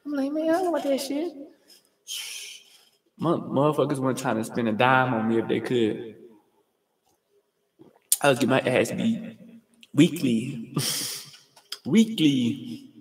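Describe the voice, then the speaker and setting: A young man from Georgia hosting a livestream, telling rambling, profane stories in slangy, fast casual talk. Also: medium pitch, sing-song. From US state of Georgia. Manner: fast talker. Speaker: livestream host. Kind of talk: casual storytelling monologue. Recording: roomy with long reverb.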